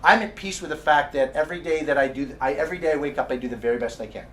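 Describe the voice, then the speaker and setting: A man's voice: on the high side, rapid-fire. A man giving a motivational seminar talk to a live audience in a meeting room, full of restarts and repetition, often asking the crowd "right?". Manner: keeps asking the audience "right?" and "how many know". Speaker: seminar presenter. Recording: distant mic with faint background noise.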